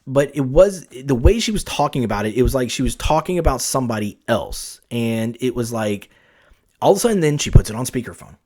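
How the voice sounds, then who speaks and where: A man at a mid pitch hosts a solo podcast, spinning a casual story. He rambles, restarts his sentences and leans on filler words as he goes. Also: a little fast, husky. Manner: rambling, full of "like" and "you know", many restarts, animated. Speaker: podcast host.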